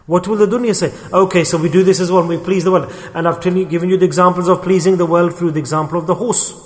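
A man's voice: little pitch movement, fast talker, long reverb tail. A man preaching a sermon, telling a parable and acting out the quoted people in a raised voice. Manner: storytelling, acting out quoted people with rising pitch.

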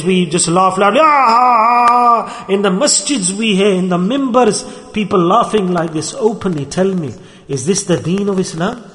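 This man's voice is high-pitched and a bit bright. Teaching religion, he gives an earnest, repetitive sermon with emphatic phrasing, and the recording carries the echo of a large hall.

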